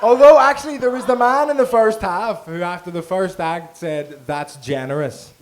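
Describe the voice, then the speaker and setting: High-voiced comedy host teasing the crowd. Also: male voice, fairly even intonation, normal speed. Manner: teasing, swearing, laughing between lines. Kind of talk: crowd work at a comedy night. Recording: noisy live room mic.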